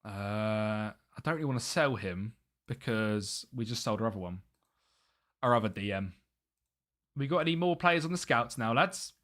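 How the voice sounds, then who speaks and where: A man's voice: fairly low pitch, expressive, normal speed, a bit bright. A young British man chatting casually on a live gaming stream, muttering to himself and laughing often.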